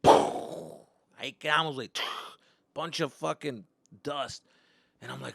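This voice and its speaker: A young man doing stand-up, telling a story in animated, profane bursts with Spanish slang mixed in. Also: a little high, takes it slowly, vocal fry, long pauses, no room sound, clean studio sound. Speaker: stand-up comedian. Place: comedy stage.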